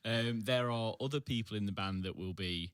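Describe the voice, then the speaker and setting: A man's voice: fairly low pitch, moderate pace, fairly bright tone, clear, resonant tone, dry recording. A man, a podcast guest, chatting casually in a laid-back way, trailing off and laughing often. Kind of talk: casual chat.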